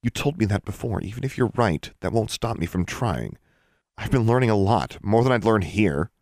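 A man's voice: fairly low pitch, lively intonation, moderate pace, vocal fry, a little mellow, dry recording, clean studio sound, voice pushed up. A man voicing a resentful, determined young witch whose pleading turns bitter, in a storybook reading.

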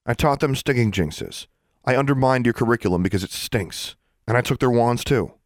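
A man's voice: medium pitch, lively intonation, normal speed, no echo, studio quality, voice pushed up, natural voice. A man reading an audiobook voices a defiant young girl witch with a cold, unapologetic tone. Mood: cold defiance.

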